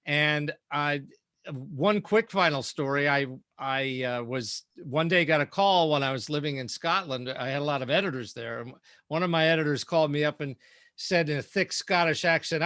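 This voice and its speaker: A man speaking as a guest and keynote speaker in a casual roundtable, telling lively stories. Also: a little high, moderate pace, dry recording. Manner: lively anecdotal storytelling.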